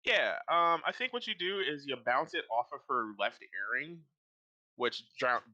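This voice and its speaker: A man running a tabletop game as game master, with a bright, forward voice. His tone jumps up and down as he narrates. The recording is close and dry. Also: fairly high pitch, normal speed, no room sound, lo-fi sound. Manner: animated, loose and laughing.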